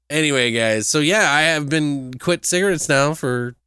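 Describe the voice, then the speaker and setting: A man's voice: on the high side, a little slow, pushed and bright, clean tone, no echo, clean studio sound. A man co-hosting a casual podcast chat, rambling and swearing freely, laughing often between points. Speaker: podcast co-host.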